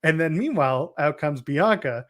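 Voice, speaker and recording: A young man co-hosting a podcast, casually chatting about wrestling with quick joking asides. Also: a little high, expressive, fairly bright tone. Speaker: podcast co-host.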